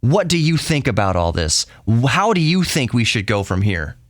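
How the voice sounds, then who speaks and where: A man's voice: mid-range voice, sing-song, normal speed, dry recording. Earnest, fired-up man, bone-dry sound. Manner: earnest, heated, repeats and restarts phrases. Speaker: podcast host. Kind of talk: impassioned solo monologue.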